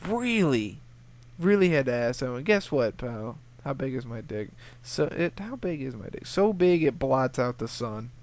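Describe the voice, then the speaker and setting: A man's voice: mid-range voice, a little mellow. A young man answering viewer questions in a casual vlog. He swears freely and rambles through his stories. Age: young adult. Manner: profane, rambling storyteller who acts out voices. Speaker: gaming video creator.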